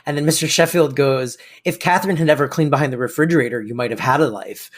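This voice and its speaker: Animated young man recapping a sitcom. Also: mid-range voice. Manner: animated, acts out quotes in quick bursts. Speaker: podcast co-host. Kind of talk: casual chat recapping a sitcom episode.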